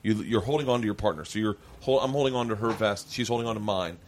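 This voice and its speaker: A man's voice: fairly low pitch, fast talker. A man hosting a podcast, telling a story in casual, profane chat and acting out the voices in it. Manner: animated, profane, acts out voices in his stories. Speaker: podcast host.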